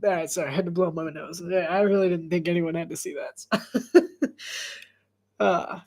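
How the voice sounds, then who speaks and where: A woman's voice: fairly low pitch, fairly even intonation, normal speed, darkish tone. A congested woman giving casual live game commentary, chatty and rambling, laughing often. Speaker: sports commentator.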